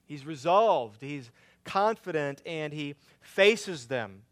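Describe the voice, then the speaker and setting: A man preaching a sermon, swinging between loud emphatic lines and quiet hushed ones. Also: a little high, animated, takes it slowly. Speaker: pastor.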